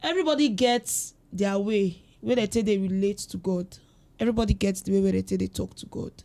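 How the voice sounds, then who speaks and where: A woman, hosting a casual podcast chat and chiming in with quick pidgin reactions. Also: medium pitch, vocal fry, mellow. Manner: chatty, chimes in with pidgin reactions. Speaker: podcast host.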